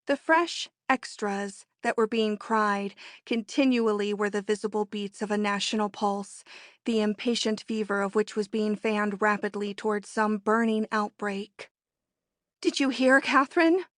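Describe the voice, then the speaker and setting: A woman narrating a classic romance novel as an audiobook in a measured storytelling manner. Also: mid-range voice, flat delivery, no echo, studio quality. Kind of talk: scripted narration.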